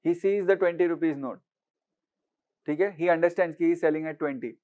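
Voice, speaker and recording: A man's voice: a little high, fast talker, darkish tone, lo-fi sound. A man with an Indian English accent teaching an exam-prep economics lecture, explaining through everyday market stories and slipping Hindi words in. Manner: mixes Hindi words into English, asks "right?" often.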